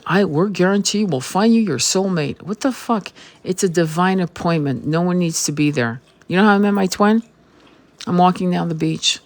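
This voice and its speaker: A woman's voice: low-pitched, vocal fry, darkish tone. A woman tarot reader giving a blunt, emphatic spiritual vlog monologue and swearing freely.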